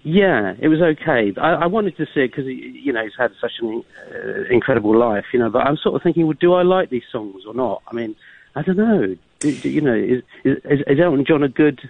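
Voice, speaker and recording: A male caller with a dry, deadpan sense of humour, chatting casually with a radio host. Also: medium pitch, fairly quick, gravelly, dry recording. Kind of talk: casual phone-in chat. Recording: tinny phone line.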